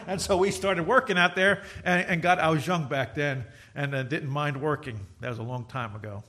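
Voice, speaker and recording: A man's voice: fairly high pitch, fairly quick, hardly any pauses, pushed and bright. An older man preaching a sermon as pastor, his voice rising and falling as he tells stories to his congregation.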